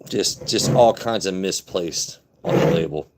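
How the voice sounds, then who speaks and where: Deep-voiced man chatting on a livestream. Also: measured pace, background noise. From Southern Maryland. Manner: drops his voice deep and blunt on purpose. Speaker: livestream host. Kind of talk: casual livestream chat.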